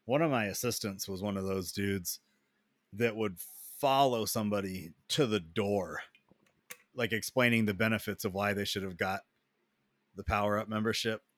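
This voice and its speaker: A man co-hosting a casual podcast, talking bluntly with plenty of cursing and quick reactions. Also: on the low side, no room sound. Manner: blunt, profane, short reactions. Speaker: podcast co-host. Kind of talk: casual chat.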